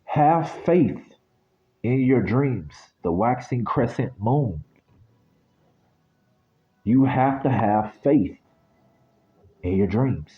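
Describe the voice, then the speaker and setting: A man's voice: mid-range voice, animated, drawn-out words, pauses often, highs cut off. A man from the United States giving a casual spiritual reading that turns into a blunt, sweary rant. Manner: blunt, ranting, swears freely.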